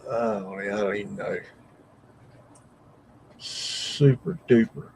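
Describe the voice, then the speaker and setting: A man's voice: on the low side, takes it slowly, vocal fry, darkish tone, a little hiss or hum, low-quality recording. Brief: male host, live reaction commentary, exclamatory and rambling, easily amazed. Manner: exclamatory, frequent mild swearing, thinking aloud.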